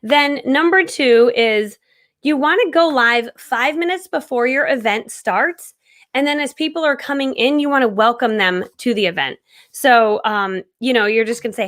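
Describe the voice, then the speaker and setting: A woman in her thirties hosting a live-stream coaching session, talking casually, loudly and energetically and laughing often. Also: on the high side, moderate pace.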